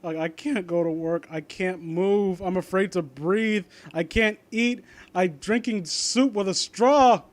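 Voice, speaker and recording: A young man with a high voice reads fan fiction aloud at an unhurried pace. He keeps breaking off into rambling, sarcastic commentary and lets his thoughts trail off.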